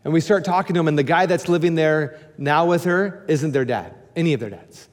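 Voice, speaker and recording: A male pastor telling a candid story in his sermon, animated and frank, jumping up to excited shouts. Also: a little high, a little fast, in a large hall.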